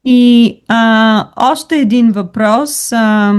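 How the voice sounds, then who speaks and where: A woman's voice: fairly high pitch, drawn-out words, clean tone. A woman teaching a language lesson over a video call, patient and encouraging, switching between languages. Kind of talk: online tutoring lesson.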